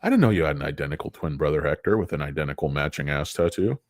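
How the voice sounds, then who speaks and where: Brief: accusing soap opera wife, put on by a man, melodramatic and lively. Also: a bass voice, fast, no echo, studio quality, voice pushed down.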